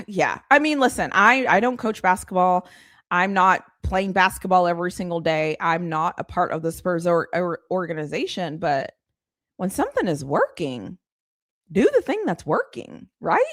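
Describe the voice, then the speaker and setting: A woman's voice: mid-range voice, sing-song, normal speed, a bit bright, no room sound, clean studio sound. A woman hosting a live stream, chatting casually and ranting with exasperation, laughing often. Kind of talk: casual live sports chat.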